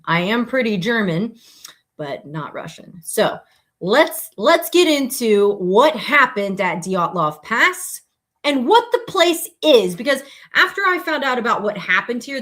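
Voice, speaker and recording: A woman's voice: medium pitch, fairly bright tone. A woman hosting a podcast on a live stream, talking casually and rambling, with many fillers and self-corrections. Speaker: podcast host.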